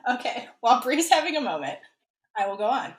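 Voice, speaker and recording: A woman co-hosting a podcast in casual chat, chatty and quick to laugh. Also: fairly high pitch, big pitch swings, roomy sound. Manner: giggly, chatty. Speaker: podcast co-host.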